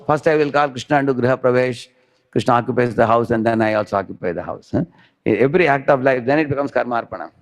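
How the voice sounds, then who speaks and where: A man teaching a devotional class, explaining with stories and often checking in with "huh?". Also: medium pitch. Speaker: spiritual teacher.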